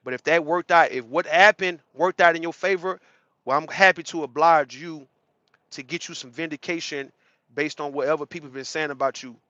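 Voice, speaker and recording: A man's voice: a little high, a little fast, bright, forceful tone, no echo. A man hosting a livestream in casual, slangy, profane talk, greeting chat viewers as he rants, on slightly dull lo-fi audio. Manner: blunt, slangy and profane, greets chatters mid-rant. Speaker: livestream host.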